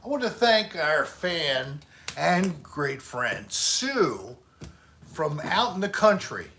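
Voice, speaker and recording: A man's voice: on the high side, sing-song, slow pace, creaky, bright, forceful tone, slight background noise. A man hosting a casual livestream chat, joking and trying bad accents when asked. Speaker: host.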